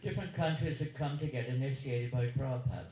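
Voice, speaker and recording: A man's voice: mid-range voice, fast, warm tone. A man in his seventies telling stories to a live audience in a chatty, chuckling, digressive way. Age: 70s. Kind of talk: anecdotal talk to a live audience. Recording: roomy hall echo, faint noise.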